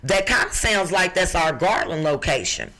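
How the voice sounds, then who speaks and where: A middle-aged woman from the Midwest with a rough-edged voice, co-hosting a podcast and reading out job listings in a brassy, emphatic, joking way. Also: lowish voice, animated, moderate pace, sharp tone. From Chicago. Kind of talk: lively podcast chat.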